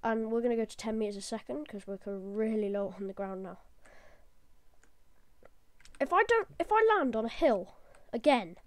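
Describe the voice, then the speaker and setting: Excitable woman gaming. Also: fairly high pitch, normal speed, long pauses, no room sound. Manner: chatty, excitable, jokey. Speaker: gamer. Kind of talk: let's play commentary.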